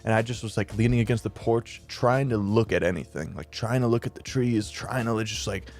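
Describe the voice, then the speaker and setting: A man's voice: lowish voice, fairly quick, a little mellow, faint music behind. A man casually telling a personal story on his channel, rambling and profane with lots of "like.". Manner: rambling, filler-heavy, profane.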